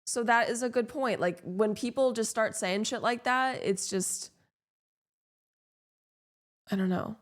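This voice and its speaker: A woman's voice: fairly high pitch, measured pace, long pauses. A young woman, chatting casually with her stream while gaming, rambling and self-deprecating with lots of fillers.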